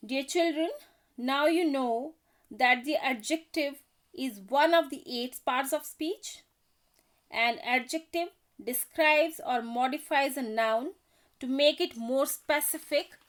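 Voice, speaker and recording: A woman teaching an English grammar lesson, reading out example sentences in a careful, deliberate way. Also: high voice. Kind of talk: slow scripted grammar lesson.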